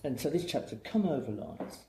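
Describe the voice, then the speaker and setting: A man's voice: medium pitch, wildly swooping pitch, a little fast, creaky, dark tone. A middle-aged man from England, a guest hairdresser telling long rambling anecdotes in casual chat. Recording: echoey room with faint noise.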